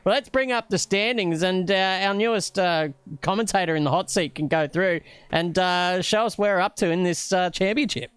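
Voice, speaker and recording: Australian man, esports commentator, cheeky roasting tone, slightly high, smooth voice. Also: moderate pace, a bit bright, no room sound. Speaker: sim racing commentator and host.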